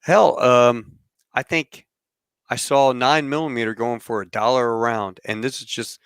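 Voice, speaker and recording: A male talk show host with a smooth, resonant voice, recorded dry and close. He chats loosely and rambles, filling his pauses with ums. His pitch sits in a middle range. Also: dry recording. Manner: relaxed, rambling, many fillers. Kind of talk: casual chat.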